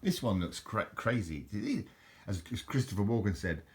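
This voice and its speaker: Low-voiced man, rambling chat. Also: expressive, moderate pace, darkish tone. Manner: rambling and chatty, stumbles over foreign words, frequent self-corrections. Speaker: vlogger showing his bottle collection. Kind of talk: casual show-and-tell vlog.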